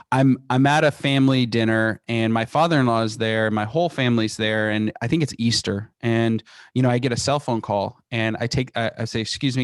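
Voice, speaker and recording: Male founder type for interview, lively storyteller, natural mid pitch, very dry recording. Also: clean tone, dry recording. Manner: energetic, animated storytelling with quick restarts. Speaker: guest, company founder. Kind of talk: podcast interview.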